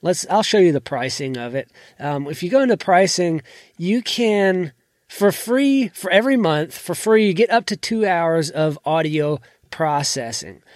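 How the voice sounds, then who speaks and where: Male podcaster, casual tutorial delivery, not a deep voice, trailing sentence ends, dry desk-mic sound. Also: animated, unhurried, no room sound. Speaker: podcast host. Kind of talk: casual screen-share tutorial. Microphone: desk microphone.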